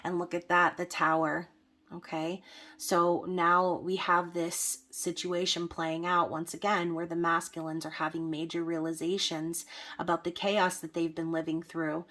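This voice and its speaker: A woman's voice: fairly low pitch, little pitch movement, unhurried, a bit bright. A woman giving a casual tarot reading to camera, chatty and filling her talk with "um" and "okay?". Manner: chatty, frequent fillers and "okay?" check-ins. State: hiccups. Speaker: tarot reader.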